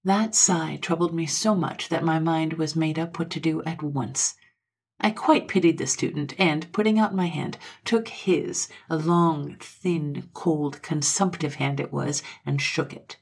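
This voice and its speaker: A woman narrating an old Victorian ghost story, in a measured storytelling manner with gentle lifts of emphasis. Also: low-pitched, husky. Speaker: audiobook narrator.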